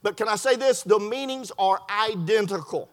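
Man, preacher, high voice, folksy storytelling sermon. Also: normal speed. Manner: folksy storytelling with repetitions and southern-style grammar.

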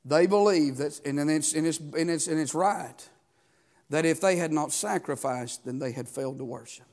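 A man's voice: fairly high pitch, normal speed, a little mellow. A man, preaching a sermon as pastor, building fervor and asking the congregation questions. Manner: preaching with rising fervor and call-and-response questions.

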